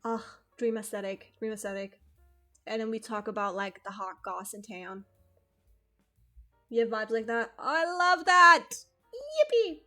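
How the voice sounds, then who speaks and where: A woman's voice: medium pitch, flat delivery, moderate pace, long pauses, soft background music. A young woman streaming from home, chatting casually, laughing often and swearing freely. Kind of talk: casual chat.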